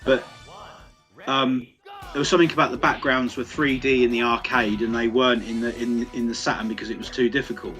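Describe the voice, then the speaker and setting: A mid-pitched man talks through console trivia, pausing on fillers as he thinks. Faint game music sits behind him. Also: steady tone, fairly bright tone. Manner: knowledgeable, hesitant with fillers, laughs often. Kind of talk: casual chat.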